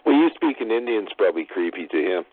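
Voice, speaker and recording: A man with a low voice hosts a call-in show, answering his caller with easy, short replies. The sound is dry and narrow, like a phone line. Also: big pitch swings, quick pace, slightly rough, no echo. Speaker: talk show host. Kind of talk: casual call-in chat.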